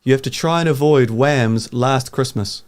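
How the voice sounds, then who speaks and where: A man's voice: medium pitch, normal speed, darkish tone. A man hosting a casual chat show, chatty and joking with his guests. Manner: chatty, jokey. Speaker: host.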